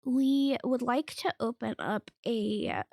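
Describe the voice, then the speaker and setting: Female player; gravelly, deadpan delivery. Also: a little high, takes it slowly, dry recording, studio quality. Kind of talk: casual tabletop play.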